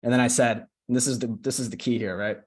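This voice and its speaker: A man's voice: mid-range voice, steady tone, fast. A young man casually walking a group call through a screen-share tutorial, often checking in with "right?". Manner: casual, chatty, keeps asking "right?". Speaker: social media coach.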